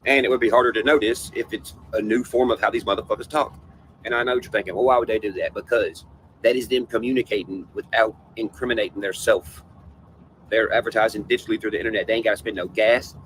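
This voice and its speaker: A man's voice: lowish voice, steady tone, fast, a bit bright, poor audio. A man ranting in a casual livestream panel, profane and conspiratorial, with faint noise behind him. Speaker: panel guest.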